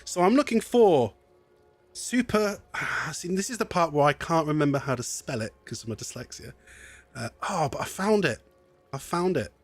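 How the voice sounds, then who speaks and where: Englischer Streamer, plaudernd, hohe Stimme, sehr trockener Klang. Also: male voice, fairly high pitch, expressive, moderate pace, no room sound. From England. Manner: chatty, rambling, laughs often. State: slightly wheezy from asthma. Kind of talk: casual live-stream chat.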